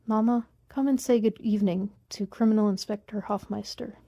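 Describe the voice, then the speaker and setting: An elderly tailor, formal and deferential, quietly resigned, as a woman reads him aloud. The voice is mellow and gravelly, recorded dry. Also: medium pitch, steady tone, a little fast, no room sound, natural voice.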